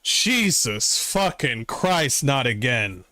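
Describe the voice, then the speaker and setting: A man streaming from his room, giving excitable, profane reaction commentary and mocking people with voices. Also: mid-range voice, slow, no echo, clean studio sound. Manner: excitable, swears often, mocks with voices.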